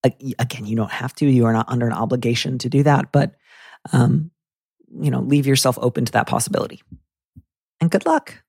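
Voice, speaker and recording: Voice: medium pitch, steady tone, brisk, creaky, breathy edge, no room sound, studio quality. Encouraging advice podcast host. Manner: warm, encouraging, playful.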